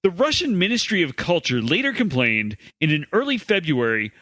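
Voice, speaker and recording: A man's voice: a little high, sing-song, brisk, pushed and bright, no room sound. A man co-hosting a comedy podcast, reading out odd news stories with dry asides. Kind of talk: casual comedy chat.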